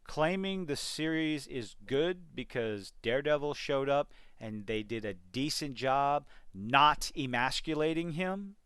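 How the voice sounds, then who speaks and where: A man's voice: medium pitch, a little slow, hardly any pauses, a bit bright, clean tone, no room sound. A man giving an exasperated, sarcastic rant in a video review of a TV series. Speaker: TV review vlogger.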